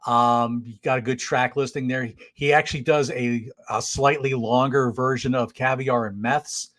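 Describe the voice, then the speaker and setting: A man's voice: medium pitch, fairly even intonation, moderate pace, fairly bright tone. A man co-hosting a livestream, chatting in an easygoing, joking way. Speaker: co-host. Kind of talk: casual chat on a livestream.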